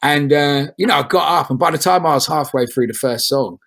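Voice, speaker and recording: An English folk singer rambles as an interview guest, restarting often and swearing casually. His voice is a little high and gravelly with a fairly bright tone, and he talks a little fast.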